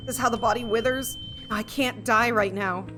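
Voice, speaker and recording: A woman reading the lines of a sorrowful young witch heroine from a game, slow and solemn. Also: on the high side, fairly even intonation, natural voice. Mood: grave. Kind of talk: reading game dialogue aloud. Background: game music.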